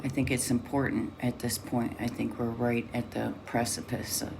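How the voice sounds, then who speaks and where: Very low-voiced blunt woman vlogger. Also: flat delivery, normal speed, vocal fry, darkish tone, a little hiss or hum. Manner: blunt, swears often. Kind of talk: candid personal storytelling.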